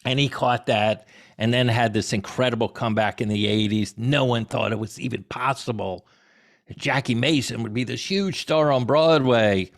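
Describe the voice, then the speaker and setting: A middle-aged man, a comedy historian answering audience questions in an animated, digressive storytelling way. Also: medium pitch, normal speed, gravelly. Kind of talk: conversational Q&A talk.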